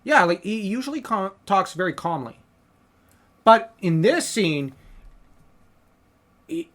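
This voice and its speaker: A man's voice: fairly high pitch, animated, normal speed, fairly bright tone. A man co-hosting a podcast, casually analyzing a movie scene shot for shot and earnestly laying out his own fan theories. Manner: earnest, theorizing, talks through ideas at length. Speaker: podcast co-host.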